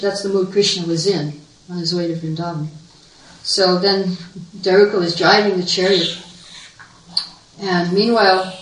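A woman's voice: on the low side, a bit bright. A woman telling a devotional story as a sermon, earnest and vivid, acting out the quotes. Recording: echoey room, voice far from mic.

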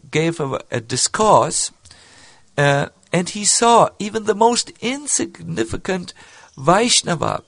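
A man telling a devotional story in a sermon, halting, with many fillers and restarts. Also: a little high, vocal fry, fairly bright tone, no room sound. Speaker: spiritual speaker.

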